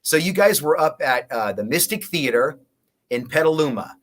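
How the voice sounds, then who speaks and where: A man's voice: on the high side, expressive, normal speed, fairly bright tone. A man, a guest musician in a casual interview, telling long stories with many restarts. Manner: rambling storyteller with many restarts.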